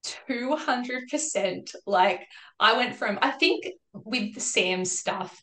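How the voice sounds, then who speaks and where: A woman's voice: on the high side, expressive, slow pace, pushed and bright. Chatty pregnant woman, echoey room. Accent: Australian. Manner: chatty, laughs often, acts out quoted talk. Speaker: podcast guest. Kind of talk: casual chat.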